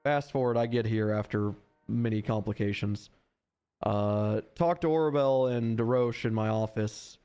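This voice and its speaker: A man's voice: fairly low pitch, unhurried, dark tone, clean tone. Exasperated, swearing man telling a story. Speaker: roleplay deputy recounting an incident. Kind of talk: in-character roleplay conversation.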